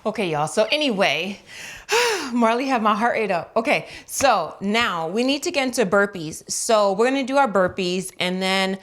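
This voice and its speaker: A young woman chats playfully to her camera at home, rambling through her day while chewing gum. Her voice sits at an ordinary middle pitch, loose and casual. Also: big pitch swings, normal speed, a bit bright. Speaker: vlogger.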